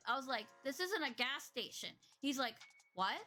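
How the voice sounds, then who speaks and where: A woman co-hosting a podcast, reacting with quick exclamations and telling her own work story in a casual chat. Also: high-pitched, expressive, sharp tone, faint music behind. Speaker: podcast co-host.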